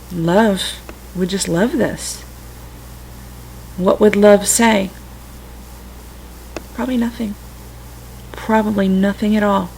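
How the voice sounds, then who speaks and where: A middle-aged woman talking gently and reflectively to her computer's webcam at home, with self-amused asides. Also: mid-range voice, fairly even intonation, slow, gravelly, long pauses, slight background noise, low-quality recording. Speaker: vlogger sharing personal stories. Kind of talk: casual spiritual talk to camera. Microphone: computer webcam mic.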